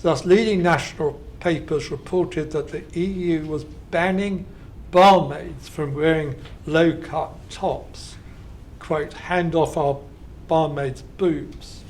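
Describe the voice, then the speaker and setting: Man, keynote lecture, scripted delivery, slightly high voice, emphatic quotes, dry asides, faint background noise. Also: darkish tone. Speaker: keynote speaker. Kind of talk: academic lecture read from a script. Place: conference lecture hall.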